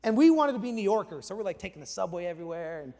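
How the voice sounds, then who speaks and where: A man in his forties, a pastor preaching a sermon with chatty, animated storytelling and casual slang. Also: high voice, very fast. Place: church auditorium. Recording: echoey large church hall.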